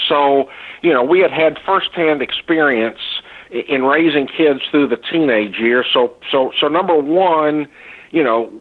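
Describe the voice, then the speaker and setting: An older man, a foundation founder, answering interview questions in an earnest, halting way with many fillers and restarts. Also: medium pitch. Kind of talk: recorded interview, earnest testimony. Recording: tinny phone-like line.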